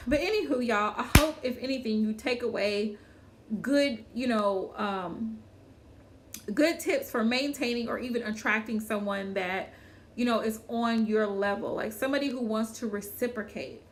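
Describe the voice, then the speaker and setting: A woman's voice: fairly high pitch, moderate pace. A woman hosting a casual livestream chat, talking to viewers by name, repeating her phrases and laughing often. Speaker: livestream host.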